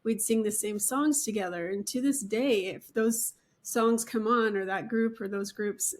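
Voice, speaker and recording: A woman's voice: medium pitch, a little slow. Middle-aged woman host from Utah, mid-range voice, chatty and rambling. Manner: chatty, rambling with fillers and asides. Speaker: podcast host, real estate agent. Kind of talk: conversational interview chat.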